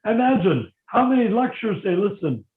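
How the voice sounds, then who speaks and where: Older male spiritual teacher, higher-pitched voice, echoey phone-line sound, animated storyteller who acts out dialogue. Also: normal speed. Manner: animated, acts out dialogue with sudden loud outbursts. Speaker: spiritual teacher leading a devotee meeting. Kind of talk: casual teaching talk over a phone meeting.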